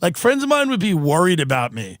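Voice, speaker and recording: Podcast host, man, rambling comic storyteller, slightly high voice, dry close mic. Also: wildly swooping pitch, fairly quick, dry recording. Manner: rambling, wry, acts out quoted voices. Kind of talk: comedic storytelling.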